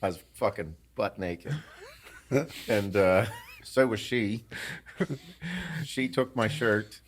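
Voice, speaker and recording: Man, podcast host, middle-aged, from western Pennsylvania, swearing, laughing storyteller, lowish voice. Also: takes it slowly, a little hiss or hum. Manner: profane, laughs through his stories. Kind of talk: casual storytelling.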